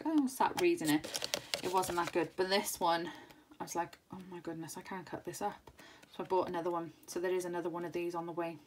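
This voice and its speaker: Chatty woman in her thirties, low voice. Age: 30s. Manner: chatty, rambling, enthusiastic with many fillers. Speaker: crafting channel host. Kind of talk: casual haul video chat. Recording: noisy home recording.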